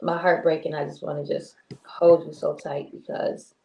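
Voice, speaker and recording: A woman's voice: low voice, little pitch movement, normal speed, vocal fry, warm tone, lo-fi sound, a little hiss or hum. A woman co-hosting a casual talk show, rambling and chatty with many restarts. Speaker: co-host. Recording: roomy echo.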